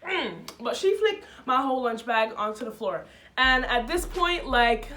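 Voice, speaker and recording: A young woman vlogger telling a school story in a casual, animated way, laughing often and using slang. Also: on the high side.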